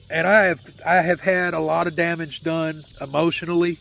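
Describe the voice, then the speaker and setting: A man's voice: fairly high pitch, little pitch movement, moderate pace, creaky, few pauses, a bit bright. A man telling a personal faith story in an earnest, heartfelt and emotional way. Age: adult with a young son. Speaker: vlogger sharing a faith testimony.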